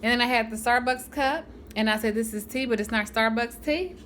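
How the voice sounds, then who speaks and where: A woman vlogging casually to the camera, chatty and animated, often laughing and using folksy, churchy phrasing. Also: on the high side, brisk, a little hiss or hum. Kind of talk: casual vlog talk to camera.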